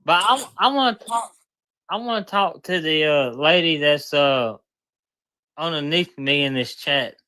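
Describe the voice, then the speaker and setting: A man's voice: a little high, unhurried, bright, forceful tone, clean tone. A man from Mississippi with a Southern accent, calling in to a livestream and speaking hesitantly with stammers. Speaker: caller.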